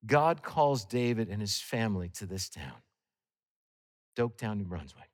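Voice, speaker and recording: A man with a Canadian accent preaching a sermon as guest speaker, telling a story with lively swings between loud and hushed. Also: medium pitch, in a large hall.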